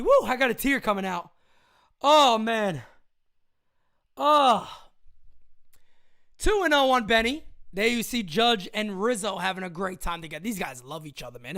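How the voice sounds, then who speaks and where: A young man hosting a fan livestream of a live game, excitable and loud, swearing freely and laughing often. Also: very high voice. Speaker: livestream host.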